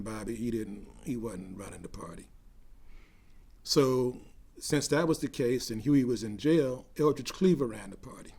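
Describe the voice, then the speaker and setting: An older man recounting memories in an oral history interview, growing animated as he tells a story. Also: medium pitch, creaky.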